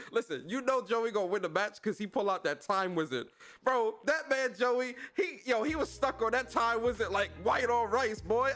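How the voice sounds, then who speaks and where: A man hosts a casual livestream podcast and calls out to his chat in quick, slang-filled bursts. His voice sits a little on the high side, and his delivery stays loose and energetic. Soft music plays faintly behind him. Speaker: podcast host.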